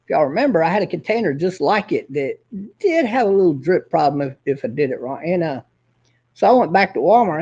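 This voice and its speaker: A man's voice: a little high, a little mellow, slightly rough, muffled recording. A man hosting his own show, ranting in a profane, combative and boastful way. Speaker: host. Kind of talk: casual ranting monologue.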